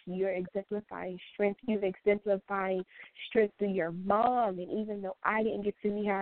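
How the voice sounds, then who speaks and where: A woman's voice: mid-range voice, no room sound. Young woman guest, earnest and repetitive, over a dry video call. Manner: heartfelt, repeats herself for emphasis. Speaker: guest, best friend. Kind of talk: emotional tribute in a talk show. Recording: tinny phone-line sound, dry.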